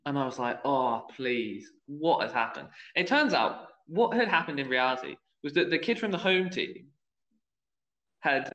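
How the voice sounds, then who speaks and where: A young man who referees youth football tells a story during a casual podcast chat, acting out the voices he quotes. His pitch sits in the middle, his delivery is animated yet unhurried, and his tone is fairly bright. The room is echoey and the sound dull and lo-fi.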